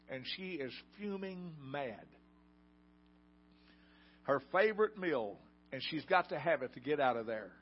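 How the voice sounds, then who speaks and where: A man's voice: a little high, husky. An older man preaching a sermon in a folksy storytelling way and putting questions to the congregation. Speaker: pastor. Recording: dull lo-fi sound.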